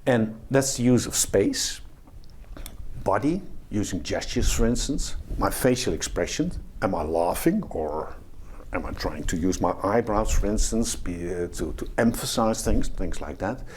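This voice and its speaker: Low-voiced man giving a lecture. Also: animated, measured pace, a little mellow, a little hiss or hum. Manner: explanatory, demonstrates behaviours while talking. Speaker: professor. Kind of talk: video lecture to camera. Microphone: camera facing speaker.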